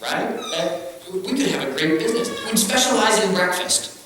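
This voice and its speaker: A man voicing an eager chicken pitching a business idea, in an echoey hall. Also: animated, normal speed, pushed and bright, a little hiss or hum. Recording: echoey hall, distant mic.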